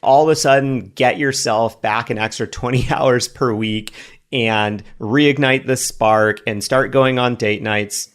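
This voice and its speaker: A man in his thirties talks casually as a podcast co-host, with a pitch sitting squarely in the middle range. He speaks animatedly and often breaks into little acted-out voices for what couples say to each other. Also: a little slow, smooth. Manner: animated, acts out quoted voices. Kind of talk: casual chat.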